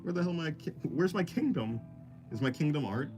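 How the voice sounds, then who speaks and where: A man's voice: fairly high pitch, animated, a little fast, over music. A man livestreaming while he sketches, reading chat aloud and rambling in a self-deprecating way that often breaks into laughs. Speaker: art livestreamer.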